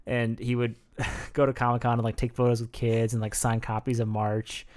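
Co-hosting a podcast, this man chats casually in a mid-range voice at a moderate pace. He reads out facts and adds laughing asides, keeping a relaxed, chatty tone.

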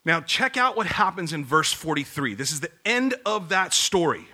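Man, pastor, casual sermon, very bright tone, slightly high voice. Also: very animated, moderate pace. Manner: casual storytelling, acts out voices in quotes.

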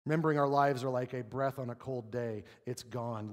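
A man preaching a sermon as pastor, earnest, asking rhetorical questions and dropping quiet to read scripture. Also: mid-range voice, steady tone, a little fast, hardly any pauses. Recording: long hall reverb.

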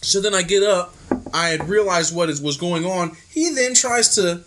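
A man's voice: high-pitched, moderate pace, background noise. A man, a podcast host, telling a story in casual chat, swearing freely and acting out the dialogue. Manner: animated, profane, acts out dialogue.

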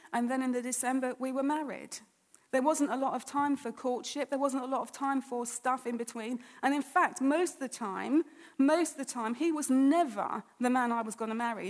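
High-voiced woman telling her testimony. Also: long reverb tail. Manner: conversational, re-enacts her own past thoughts and speech. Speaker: church speaker giving a testimony. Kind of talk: personal testimony told as a story.

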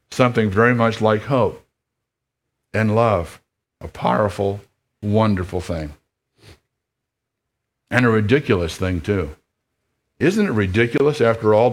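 A male pastor preaching a sermon with a somewhat low voice. He reads a story aloud and then speaks to his listeners directly. His manner is earnest and reflective.

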